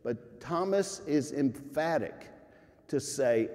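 A man preaching a sermon as pastor, earnest and emphatic, swinging from loud rises to quiet drops. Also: mid-range voice, lively intonation, a little slow, creaky. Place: church sanctuary. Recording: church sanctuary with long reverb.

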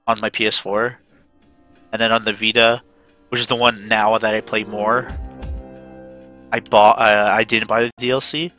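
A man's voice: medium pitch, sharp tone. A man streaming a video game, chatting casually, ranting and swearing a lot. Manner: profane ranting, swearing often. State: panicked.

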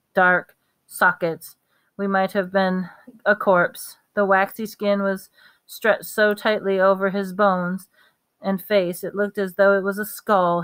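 A woman reading a novel aloud at a steady pace, now and then slipping on a word and re-reading it. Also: mid-range voice, clear, resonant tone. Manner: steady reading with small slips and re-reads. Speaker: reader.

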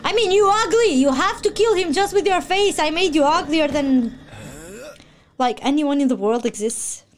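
A woman streaming a game playthrough, yelling and squealing in excited reactions as she plays. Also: sits high, normal speed. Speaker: gameplay streamer. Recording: loud game music behind.

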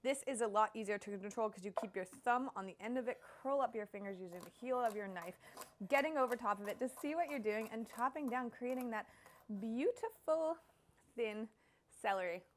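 A woman's voice: on the high side, moderate pace. A young woman hosting a casual cooking demonstration, bubbly and playful as she chops and explains. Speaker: cooking show host.

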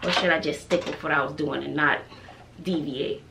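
A woman's voice: sits low, steady tone, normal speed, gravelly, far from the mic. A woman, a family vlogger chatting casually to camera and musing aloud to herself in her bedroom at home. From Texas. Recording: echoey room, voice off-mic, faint noise.

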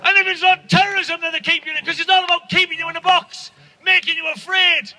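Man, stand-up rant, very high strained voice, shouty and profane. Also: level tone, fast talker, a little hiss or hum, low-quality recording. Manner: loud, ranting, profane, shouting punchlines. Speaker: stand-up comedian. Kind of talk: stand-up rant to an outdoor crowd. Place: outdoors at a protest gathering.

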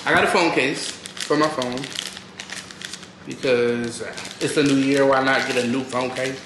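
Male vlogger, mid-pitch, chatty and loose, home kitchen setting. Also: fairly even intonation, a little slow, background noise. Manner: chatty, addresses viewers as y'all, frequent asides. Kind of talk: casual vlog chat.

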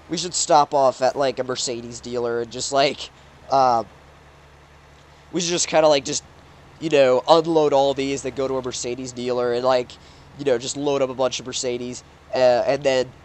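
A man's voice: mid-range voice, steady tone, moderate pace. A man with a stuffed-up nose giving casual, rambling commentary while playing a driving game, often exclaiming at the road. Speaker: gaming YouTuber.

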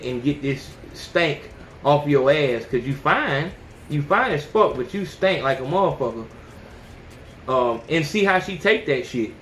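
A man hosts a podcast in a casual monologue. His voice sits fairly high, and he talks bluntly with constant cussing. The room is echoey, with a faint hiss behind him. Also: fairly bright tone. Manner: blunt and heavily profane, often says "you know what I'm saying". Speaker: podcast host.

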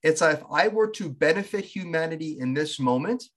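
A man's voice: a little high, expressive, moderate pace, a bit bright. A man hosting a podcast who reflects philosophically on what his guest has said and affirms him. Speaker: podcast host. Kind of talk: interview conversation.

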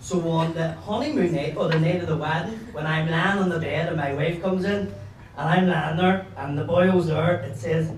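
A man with a Belfast accent doing a stand-up comedy set, rambling through crude stories and now and then breaking into loud shouts. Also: a little high, normal speed, roomy sound, far from the mic, a little hiss or hum, rough recording. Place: pub comedy room with a laughing audience.

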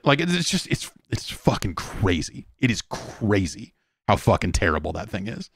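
A man's voice: fairly low pitch, big pitch swings, moderate pace, a bit bright, breathy edge, no room sound, studio quality. Profane exasperated man ranting on a podcast. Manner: profane, exasperated, mocks in quoted voices. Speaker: podcast host. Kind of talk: casual podcast rant.

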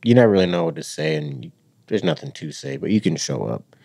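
A man hosting a podcast, asking gentle, halting questions in a casual interview. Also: extremely low pitch, expressive, gravelly, slightly rough, no room sound. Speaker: podcast host.

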